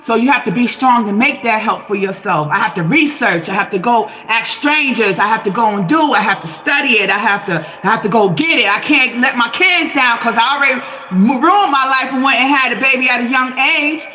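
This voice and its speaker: A woman's voice: fairly high pitch, a little fast, hardly any pauses, bright, forceful tone, slight background noise, poor audio. A woman talking to her live-stream viewers in a passionate, preachy monologue, firing off rhetorical questions. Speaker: livestream host.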